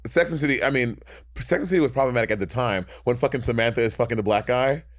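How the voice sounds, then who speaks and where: A man co-hosts a casual podcast at a quick clip in a medium voice. He swears freely and acts out scenes as he tells them. The sound is close and dry. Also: medium pitch, no echo. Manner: fast, swearing, acts out quoted lines. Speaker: podcast co-host. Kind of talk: casual chat.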